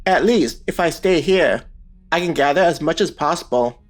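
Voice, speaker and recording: A man reading the lines of a stubborn young woman survivor in an audiobook, in a plain, even manner. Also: fairly high pitch, normal speed, soft background music, natural voice.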